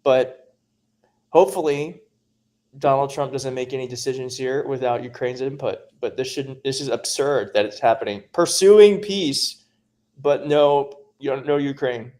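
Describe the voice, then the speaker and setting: A man's voice: medium pitch, steady tone, moderate pace, darkish tone. A man hosting a casual livestream from home, chatting and reading viewer comments aloud, laughing often. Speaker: livestream host.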